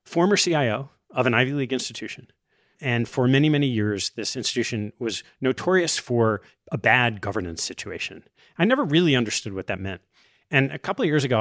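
A middle-aged man hosting a podcast, explaining ideas in a lively conversational way with quoted asides. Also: on the low side, no echo, studio quality. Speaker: podcast host interviewing investors.

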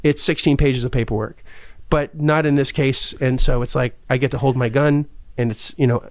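A man's voice: mid-range voice, fairly even intonation, normal speed, dry recording. A man hosting a podcast, chatting casually with an upbeat manner and closing the show. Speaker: podcast host. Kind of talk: casual chat and sign-off.

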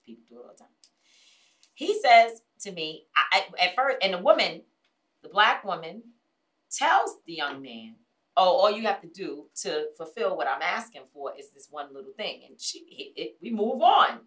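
Woman host, casual storyteller; lively, swooping pitch, acts out quotes, swears freely, mic a little distant. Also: moderate pace. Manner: animated, acts out other people's lines in quotes.

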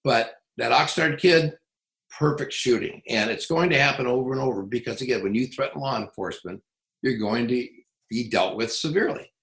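A middle-aged man working as a police trainer, telling stories in an interview in a blunt, profane, animated way. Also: mid-range voice, a little fast, reverberant, rough recording. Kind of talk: casual interview storytelling.

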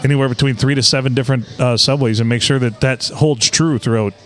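A man's voice: mid-range voice, fairly even intonation, fast talker, faint music behind. A man co-hosting a podcast in casual comedic chat, joking and swearing freely, laughing often. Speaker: podcast co-host. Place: sports bar.

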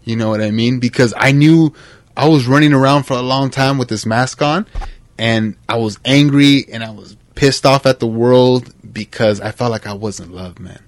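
A man's voice: medium pitch, moderate pace, dry recording. Young guy hosting a podcast, fired up and sincere, keeps saying man and bro, dead dry mic. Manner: animated, heartfelt, says "man" and "bro" a lot. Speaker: podcast host. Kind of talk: casual podcast conversation.

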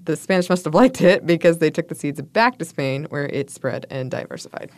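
A woman's voice: sits low, lively intonation, a little fast, a little mellow, no room sound. A woman co-hosting a casual chat, reading food history aloud with playful asides and frequent laughter. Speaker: podcast co-host.

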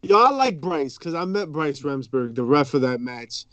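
Excitable co-host, high animated man, teasing. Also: normal speed, no room sound. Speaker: podcast co-host. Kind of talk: casual wrestling chat.

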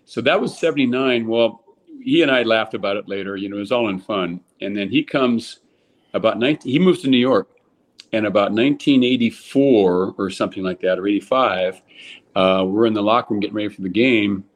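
Older man spinning lively ballpark tales. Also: on the low side, brisk. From California. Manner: animated anecdote teller, lots of restarts, voices people in quotes. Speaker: guest, former ballplayer. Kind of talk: casual storytelling.

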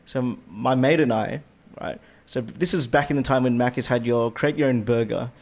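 Animated, swearing Australian man telling stories. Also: mid-range voice, moderate pace, vocal fry, a little hiss or hum. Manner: animated, swears a lot, voice jumps up when indignant. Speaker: podcast co-host. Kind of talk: casual storytelling chat.

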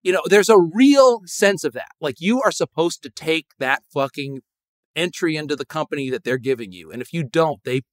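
A man in his fifties from Connecticut, a comedian guest ranting profanely in casual podcast chat and mocking people in loud, high put-on voices. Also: lively intonation, moderate pace, no echo, clean studio sound. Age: 50s.

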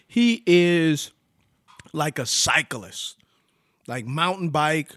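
A man spins a story in relaxed conversation, his voice sitting a bit high and recorded close and dry. He talks in an animated, loose way, full of filler words and drops into quoted voices. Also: very slow, no room sound. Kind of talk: casual chat.

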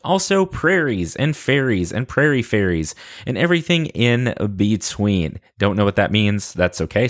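A man's voice: on the low side, a bit bright. A young man hosting a podcast, chatting casually in a goofy, self-deprecating way. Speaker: podcast host.

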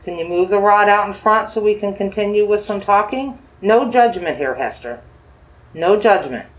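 This is a paranormal investigator with dowsing rods, gently asking a spirit slow yes-or-no questions. Their medium-pitched voice has lively intonation, and they coax, reassure, and repeat phrases.

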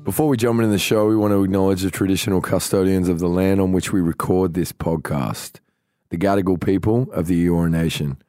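A man's voice: low voice, steady tone, a little fast, warm tone, faint music behind. A man co-hosting a podcast, chatting casually with joking, self-mocking banter. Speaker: podcast co-host. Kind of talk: casual chat.

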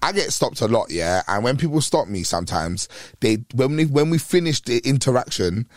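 A young man, guesting on a casual podcast, telling slangy, animated stories and acting out the people in them. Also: medium pitch, moderate pace, no echo, clean studio sound. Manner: animated storyteller, slangy, acts out the people he describes. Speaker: guest, rapper and TV presenter.

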